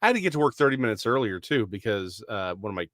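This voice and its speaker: A man's voice: fairly low pitch, very animated, quick pace, a bit bright, dry recording, clean studio sound. A middle-aged man with a Texan accent co-hosting a casual podcast chat, easygoing and chatty with many fillers. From Dallas, Texas. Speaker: podcast co-host.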